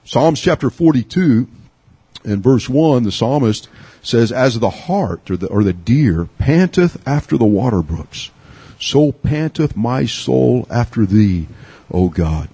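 A middle-aged man from Texas preaching a sermon, earnest, with repeats and restarts, rising high to urge and sinking low and quiet. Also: expressive, slow pace, husky, dry recording. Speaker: pastor.

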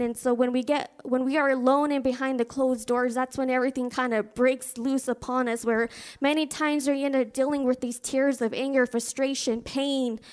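Woman preacher, higher-pitched voice, earnest personal storytelling sermon. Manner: fervent spoken prayer.

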